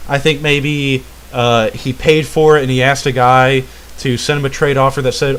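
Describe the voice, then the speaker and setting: A young man vents about an online gamer in a loose, foul-mouthed rant. He stumbles through fillers and restarts and keeps tossing in "all right?" as he goes. His pitch sits at an ordinary middle height for a man. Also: level tone, moderate pace, a bit bright, slight background noise. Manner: swears constantly, keeps asking "all right?"; rambling, full of "uh" and restarts. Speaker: channel host. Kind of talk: profane gaming rant.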